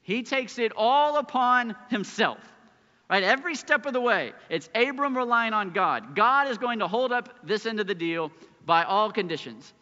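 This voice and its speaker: A man preaching a sermon as pastor, earnest, swinging between loud emphasis and hushed lines. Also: sits high, lively intonation, normal speed. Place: church sanctuary. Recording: muffled church recording with long hall reverb.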